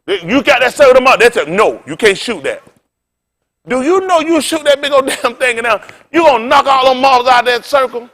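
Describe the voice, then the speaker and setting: A man's voice: extremely high pitch, quick pace, few pauses, fairly bright tone. A male pastor preaching an informal sermon, folksy and colloquial, telling stories and quizzing the congregation.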